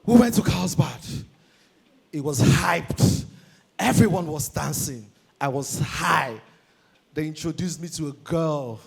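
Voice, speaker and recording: High-pitched, animated Nigerian comedian. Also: male voice, takes it slowly, gravelly, long pauses, slightly rough. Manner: energetic, animated, shouting punchlines. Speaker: stand-up comedian. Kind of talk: stand-up comedy performance.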